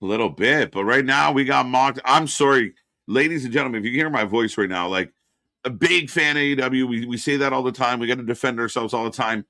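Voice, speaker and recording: A man's voice: mid-range voice, brisk, bright, forceful tone, no echo, studio quality. A man co-hosting a live wrestling watch-party stream, giving blunt, opinionated takes and swearing freely. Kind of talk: casual live-stream chat.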